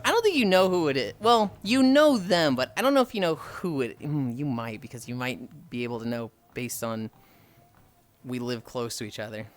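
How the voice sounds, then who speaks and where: Male streamer, Midwestern American accent, slightly high voice, loose and profane chat with viewers. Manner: rambling, swears freely, answers chat messages aloud.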